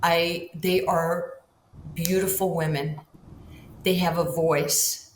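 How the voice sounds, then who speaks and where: An older woman tells stories in an interview, her voice sitting fairly low. She acts out quoted lines with big swings in pitch. The sound carries an echoey room with faint ambient hiss. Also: flat delivery, takes it slowly. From Far Rockaway, Queens, New York. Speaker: guest, basketball Hall of Famer. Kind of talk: storytelling in a podcast interview.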